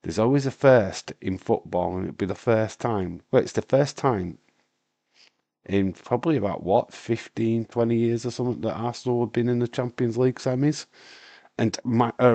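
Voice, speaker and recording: A man, hoarse with a breaking voice, hosting a live stream in a casual, rambling chat while answering viewer comments. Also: medium pitch, normal speed, darkish tone, no echo. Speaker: wrestling stream host.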